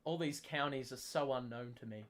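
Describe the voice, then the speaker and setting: A young man hosting a live basketball watchalong stream, chatting with viewers and calling plays, getting loud and excited on big moments. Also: mid-range voice, moderate pace. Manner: chatty, self-deprecating. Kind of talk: live casual commentary, reading chat.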